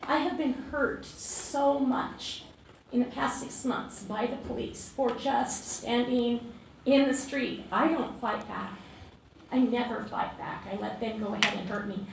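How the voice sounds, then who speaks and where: A woman activist giving unplanned testimony at a city council meeting. She is trembling and emotional, and she speaks haltingly with many fillers and restarts. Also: on the high side, fairly even intonation, gravelly. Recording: echoey council chamber from far off, with background noise.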